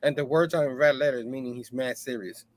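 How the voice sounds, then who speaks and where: In a mid-range voice with fairly even intonation, a man talks fairly quickly over a recording with no room sound. He's hot and sipping a drink while casually recapping a comic book, paraphrasing the dialogue and loosely performing the characters, laughing often and tossing in "you know what I mean."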